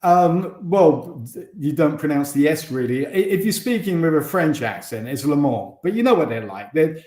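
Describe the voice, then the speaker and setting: A man's voice: on the high side, expressive, normal speed, a little mellow, reverberant. An English man, a former racing driver, chatting as a guest over a video call and often restarting his sentences. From England. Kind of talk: casual interview chat.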